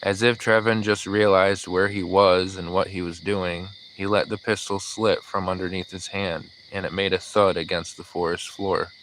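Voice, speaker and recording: A man narrating an audiobook in a measured, even storytelling manner. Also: low-pitched, slight background noise, poor audio. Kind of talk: scripted narration.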